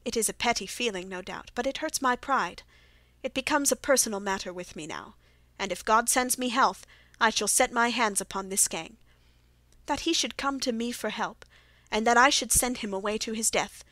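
A woman reading the part of Sherlock Holmes, a sharp male detective, in a measured, grave way in a dry audiobook recording. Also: fairly high pitch, dry recording, natural voice.

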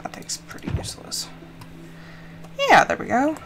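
A woman's voice: normal speed, background noise. A young adult woman chatting casually and rambling while she live-streams a farming game, with lots of fillers. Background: game music.

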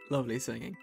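A man's voice: mid-range voice, vocal fry, a little mellow. A male streamer joking crudely and rambling while playing a game with a friend. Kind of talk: casual gaming banter with a friend.

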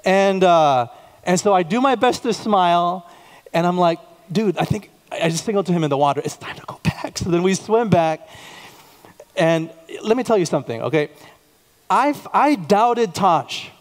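A man's voice: sits high, expressive, moderate pace. Man preaching a story-filled sermon in a hall. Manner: storytelling, repeats words, emphatic questions. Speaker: pastor. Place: church sanctuary. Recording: long reverb of a church hall.

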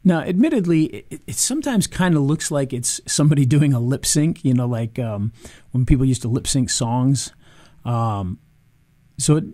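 A man casually reviewing software on screen, chatty, with frequent ums and restarts. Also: mid-range voice, lively intonation, normal speed, dry recording. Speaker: video marketing reviewer.

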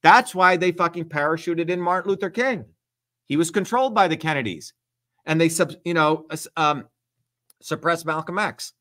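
Brief: middle-aged male host, fairly high voice, heated, blunt and profane delivery. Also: moderate pace, bright, forceful tone. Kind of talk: heated livestream talk.

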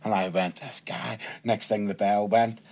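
Swearing, animated male podcast guest. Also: on the low side, unhurried. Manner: animated storytelling, swears freely, acts out quoted voices. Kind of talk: casual podcast chat.

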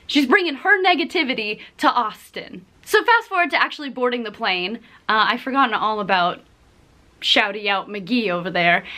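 A young woman with a high, bright voice tells a story straight to camera. She is animated and sarcastic, and she swears freely. Her delivery is casual and chatty. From from Texas. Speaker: vlogger.

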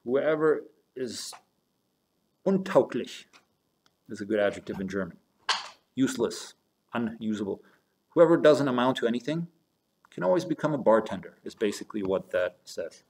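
A man teaches a German lesson in a recorded online class from his home office, where a chair squeaks. He explains step by step, spells words out, and shifts between German and English. His mid-range voice is animated and a little mellow, at normal speed with long pauses.

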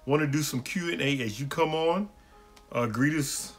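A man's voice: fairly high pitch, moderate pace, soft background music. A man, a pastor hosting a livestream question-and-answer session and greeting viewers by name in a folksy way. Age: adult, married.

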